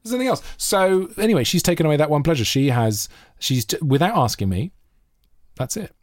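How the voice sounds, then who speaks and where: Man, podcast co-host, jokey rambling chat, animated pitch. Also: normal speed, no echo, clean studio sound. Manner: jokey, rambling, slips into silly voices. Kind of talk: casual chat.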